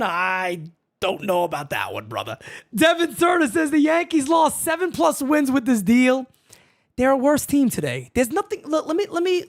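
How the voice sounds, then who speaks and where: Heated New sports host man; fiery, repetitive, profane, lots of shouting. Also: very high-pitched. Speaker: sports talk show host. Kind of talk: heated sports talk rant.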